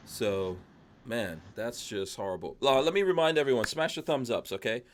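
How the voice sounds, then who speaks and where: A man's voice: mid-range voice, expressive, moderate pace. Male podcast host, casual chat, reads comments aloud, light background hiss.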